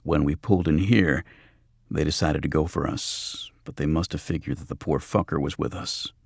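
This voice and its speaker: A man's voice: extremely low pitch, fairly even intonation, moderate pace, creaky, breathy edge, no room sound, studio quality, exaggerated voice. A man doing a grim, terse mercenary. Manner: terse, grim, matter-of-fact. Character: tense hard-bitten male mercenary. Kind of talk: audiobook reading.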